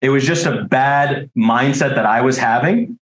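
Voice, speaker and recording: A man's voice: medium pitch, a little slow. A man giving a training talk to life insurance agents, direct and coaching, checking in often with "okay?" and "right?". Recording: roomy echo.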